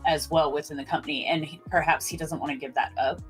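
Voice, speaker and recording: A woman's voice: low voice, steady tone, quick pace, faint music behind, low-quality recording. A woman with a slight Southern US twang, chatting as a podcast co-host in a rambling way, often restarting her sentences. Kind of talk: casual chat.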